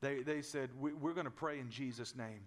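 A man's voice: medium pitch, fairly quick. A man preaching a sermon, building intensity through repeated cadences and rhetorical questions. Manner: preaching with rising and falling intensity, repetitive cadences. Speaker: pastor.

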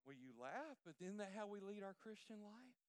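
A man preaching a sermon through folksy, emphatic, animated stories. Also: high-pitched, normal speed, no echo. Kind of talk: storytelling sermon.

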